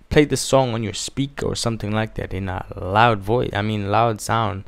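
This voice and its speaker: A young man casually chatting in an energetic, slangy way while reacting to music on his vlog, with a lot of repeated phrases. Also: fairly low pitch, normal speed, gravelly, dry recording. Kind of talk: casual hyped-up vlog chat. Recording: faint music behind.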